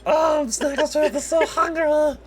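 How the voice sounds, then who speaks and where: Squeaky meek kobold creature. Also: male voice, steady tone, measured pace. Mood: timid pleading. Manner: speaks of himself in third person, broken speech. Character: timid hungry male kobold, meek and grateful.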